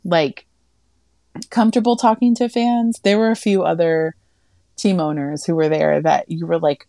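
Her creaky voice moves at a moderate pace over clean studio sound with no room sound. She's a woman co-hosting a podcast in casual conversation, telling chatty stories and acting out quotes with lively pitch jumps.

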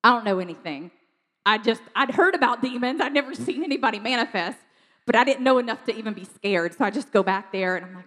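A woman telling a lively testimony story in a chatty way, with lots of fillers and laughter. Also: a little high, fast, big-room sound. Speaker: ministry speaker sharing testimony.

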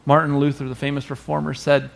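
A man preaching a sermon as pastor, expressive, now and then acting out voices. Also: fairly high pitch, fast talker, gravelly. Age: adult parent. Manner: expressive preacher, acts out quoted voices loudly.

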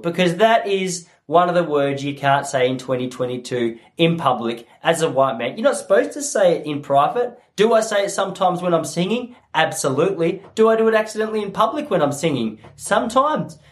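A stand-up in his thirties riffs alone on his podcast. His voice sits a touch high and leaps up and down with animated energy. He is self-mocking and loose, and he drops in little character voices. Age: 30s. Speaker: comedian and podcast host. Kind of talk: solo comedy podcast monologue.

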